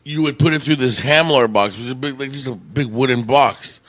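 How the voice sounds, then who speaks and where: A man's voice: medium pitch, a little fast, fairly bright tone, no room sound. A man co-hosting a podcast, telling a long rambling story in casual, profane chat with frequent laughs. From Canada. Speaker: podcast co-host.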